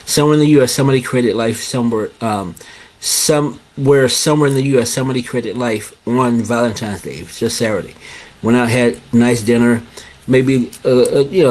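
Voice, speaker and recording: A man's voice: medium pitch, a little mellow. A middle-aged man hosting his own show, talking casually to viewers, often repeating phrases and calling them "guys". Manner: repetitive, restarts phrases, addresses "guys". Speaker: show host. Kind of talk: casual live-stream talk.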